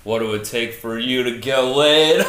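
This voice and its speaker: A man's voice: mid-range voice, a bit bright, a little hiss or hum. A man playing a cocky young son who teases and mocks his brother as a podcast guest. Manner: teasing, mocking, boastful. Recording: echoey room.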